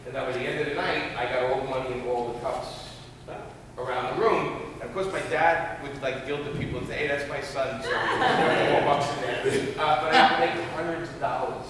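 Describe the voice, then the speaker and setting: A man's voice: mid-range voice, steady tone, a little fast, background noise. A man from the New York tri-state area telling a rambling story on a comic convention panel, full of fillers, restarts and laughter. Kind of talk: casual anecdote on a convention panel. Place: large convention hall panel. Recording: echoey hall from far off with crowd. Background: audience in the hall.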